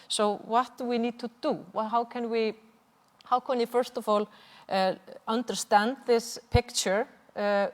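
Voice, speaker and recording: Icelandic woman giving a talk w slides, earnest, lots of uhs, big reverby hall. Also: on the high side. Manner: earnest, impassioned, with frequent hesitations. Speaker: seminar speaker, activist. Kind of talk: seminar presentation with slides. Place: large hall at a cultural venue.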